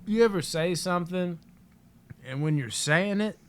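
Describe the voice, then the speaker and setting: A man's voice: high voice, moderate pace, background noise. A man co-hosting a podcast, telling rambling, profane stories in a casual chat and laughing through them. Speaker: podcast co-host.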